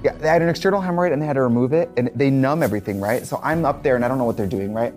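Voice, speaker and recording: A young man in drag co-hosts a loose comedy chat, tossing off dry, deadpan jokes at a middle pitch. Music plays clearly under his voice throughout. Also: rapid-fire. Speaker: co-host.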